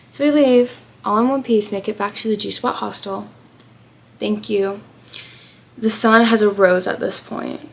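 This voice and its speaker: A woman's voice: mid-range voice, steady tone, normal speed, creaky. A young American woman in her twenties telling a chatty travel storytime, acting out the people she quotes. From United States. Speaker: vlogger.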